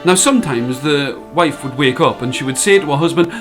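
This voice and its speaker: A man telling a folk tale, with a playful, rhythmic way of repeating phrases and slowing down for effect. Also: a little high, music in the background. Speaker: storyteller. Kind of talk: told folk tale for children.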